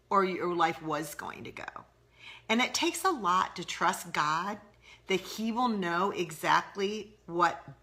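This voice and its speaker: A middle-aged woman talks earnestly on a live stream, her voice bright and forward though sitting a little low in pitch. She answers viewer questions in a candid, chatty way and reacts to comments as they come in. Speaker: host of a live mom-mentoring broadcast. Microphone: live-stream webcam or phone.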